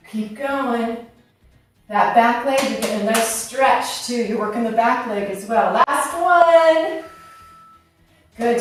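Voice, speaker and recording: A woman in her fifties leading a workout, giving brisk, encouraging coaching cues. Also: fairly high pitch, recorded from a distance, slight background noise. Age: 50s. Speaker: fitness instructor. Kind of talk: workout instruction. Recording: very echoey room, voice off-mic, music behind.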